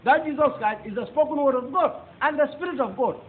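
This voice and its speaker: A man's voice: very high-pitched, fast talker. A man with a Nigerian accent giving a fervent, emphatic testimony sermon as a preacher. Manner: fervent, emphatic, rising into exclamations. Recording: tinny phone-like audio with faint noise.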